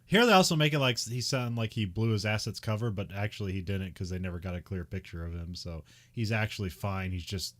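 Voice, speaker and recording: A man's voice: lowish voice, fast talker, hardly any pauses, a bit bright. A man co-hosting a casual chat, recapping a film with frequent laughs and many fillers. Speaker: podcast co-host.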